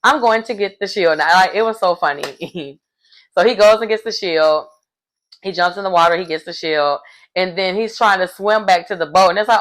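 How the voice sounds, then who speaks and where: A woman, recapping a reality show in a casual, animated way and laughing often. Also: fairly low pitch, normal speed.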